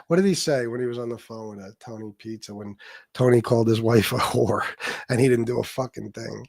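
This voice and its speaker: A middle-aged man hosting a casual livestream, telling stories in a profane, mocking and lively way. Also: medium pitch, fairly quick, creaky, no echo. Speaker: livestream host.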